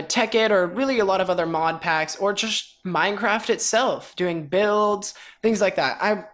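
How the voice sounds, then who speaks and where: A woman casually walking through a game mod as a video host, chatty and rambling with self-mocking jokes. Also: mid-range voice. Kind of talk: casual mod tutorial commentary.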